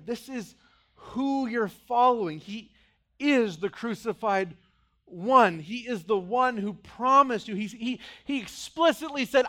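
A middle-aged male pastor preaching a sermon, acting out voices and swinging between loud outbursts and quiet, low passages.

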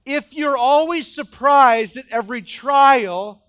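Man, middle-aged, pastor, sermon, very high voice, dramatic, loud-to-quiet swings. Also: slow, clean tone, muffled recording.

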